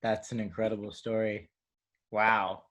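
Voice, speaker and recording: A man's voice: lowish voice, little pitch movement, measured pace, a bit bright. A man hosting an interview, reacting briefly and asking questions. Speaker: interviewer, host.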